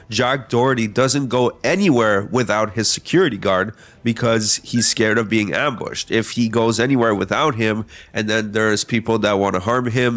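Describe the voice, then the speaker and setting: A man's voice: lowish voice, fairly bright tone. A man hosting a reaction commentary, talking through a clip in a mocking, matter-of-fact way. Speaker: commentary host.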